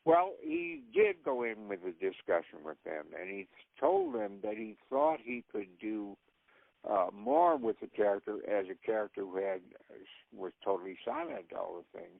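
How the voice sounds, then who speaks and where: Older man, gravelly, rambling anecdotes, laughs often, tinny phone line. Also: fairly low pitch, huge pitch swings, moderate pace, no echo. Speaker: actor guest. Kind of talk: casual anecdotes.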